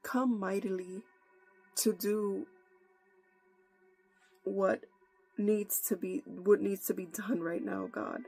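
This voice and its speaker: A woman preacher praying fervently and giving a prophetic message, slow and pleading. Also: mid-range voice, fairly even intonation, creaky, a little mellow, slightly rough, soft background music. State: holding back tears.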